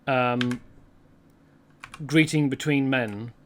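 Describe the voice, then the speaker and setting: A man's voice: mid-range voice, fairly even intonation, drawn-out words, slight background noise. A man hosting a let's play, rambling chattily through gameplay commentary and correcting himself as he goes.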